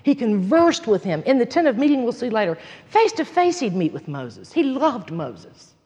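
Woman giving a sermon, earnest, emphatic, lively pitch, reverberant hall. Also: normal speed, breathy edge. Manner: earnest and emphatic, shifting between loud conviction and hushed retelling. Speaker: Bible teacher.

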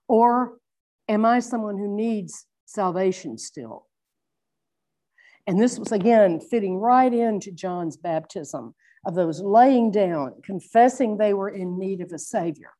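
A middle-aged woman preaching a sermon, earnest and reflective, slowing down to stress her points. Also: mid-range voice, dark tone. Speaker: Bible teacher.

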